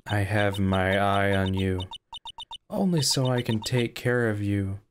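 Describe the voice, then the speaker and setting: A man doing a creepy, slow-spoken secretary woman. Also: on the low side, a little hiss or hum, lightly acted. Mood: menacing. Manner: slow, flat, deliberate delivery. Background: game music.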